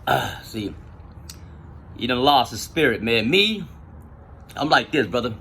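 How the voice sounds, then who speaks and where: A man telling stories in casual, profane street slang, with an animated retelling style. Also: mid-range voice, unhurried, creaky, slight background noise. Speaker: storyteller. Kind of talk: casual storytelling.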